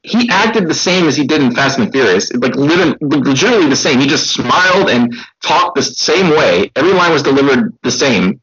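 Joking guy talking movies with his buddy, lively pitch, muffled lo-fi audio. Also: fairly quick, few pauses. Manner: animated, joking, calls his friend buddy. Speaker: movie review co-host. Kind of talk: casual chat.

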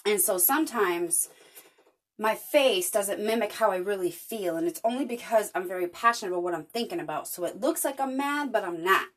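Brisk and medium-pitched, a female podcast host delivers an earnest, chatty motivational monologue in a casual style. She tells her stories with plenty of energy and animation.

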